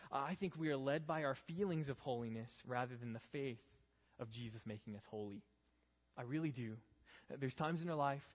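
A young man giving a youth group sermon as pastor, earnest, building to pleading rhetorical questions. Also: mid-range voice. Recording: dull, reverberant hall sound.

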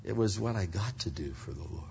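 An older man from Pennsylvania preaching a sermon as a pastor, talking conversationally and swinging between loud stretches and hushed ones. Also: low-pitched, animated, brisk, creaky, a little hiss or hum. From Pennsylvania, United States. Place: large church sanctuary. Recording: dull reverberant hall sound.

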